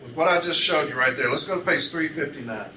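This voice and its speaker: A man's voice: a little high, fast talker. A man, a union advocate at an arbitration hearing, methodically citing page numbers, reading documents aloud and putting pointed questions to a witness. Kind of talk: arbitration hearing cross-examination. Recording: roomy, distant mic with background noise.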